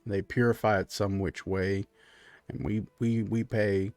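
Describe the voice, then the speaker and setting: A man voicing a meek, browbeaten male furbolg father who mumbles low and hesitantly. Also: level tone, a little slow, a little mellow, no echo.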